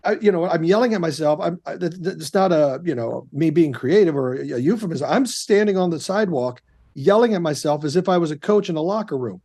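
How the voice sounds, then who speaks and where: Brief: middle-aged male guest, higher-pitched voice, lively storyteller who bursts into shouted pep talks. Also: a little fast. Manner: animated, shifts into loud self-coaching shouts. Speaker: guest, actor and comedian. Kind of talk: candid conversational storytelling. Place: podcast studio.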